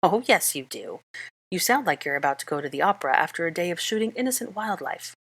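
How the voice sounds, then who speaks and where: A woman reading the part of a clever young witch, speaking briskly with exasperation in an audiobook-style fan reading. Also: fairly low pitch, very animated, gravelly, fairly bright tone, slightly rough, full character voice. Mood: exasperated.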